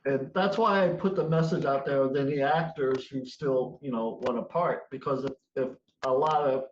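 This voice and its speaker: A man's voice: medium pitch, normal speed, slight background noise. A man hosting a play reading group on a video call, easygoing and telling jokes plainly. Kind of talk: casual chat on a video call. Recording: roomy, dull video-call audio.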